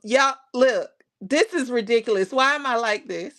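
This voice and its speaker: A woman's voice: on the high side, moderate pace, a bit bright. A woman hosting a casual crafting livestream, greeting viewers by name, reading their comments aloud and talking herself through her work. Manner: talks to herself while working on crafts.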